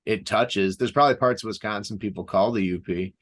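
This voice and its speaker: A young man from the Chicago area talks in a somewhat low voice. He co-hosts a podcast in a loose, rambling way and slips in deadpan, ironic jokes. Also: brisk. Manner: joking, rambling, deadpan irony. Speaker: podcast co-host. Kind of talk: casual chat.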